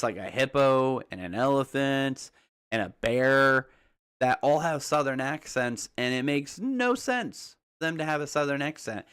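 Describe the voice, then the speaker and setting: A man's voice: mid-range voice, fairly bright tone. A young man explaining game theories in a casual, rambling way, often checking in with the listener. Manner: rambling, conversational, often asks "right?". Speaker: YouTuber.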